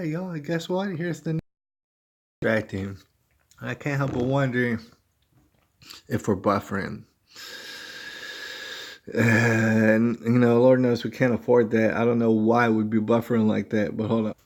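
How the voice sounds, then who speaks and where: A man's voice: medium pitch, level tone, measured pace. A man hosting a casual livestream from home, rambling conversationally and calling his viewers "y'all.". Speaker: livestream host.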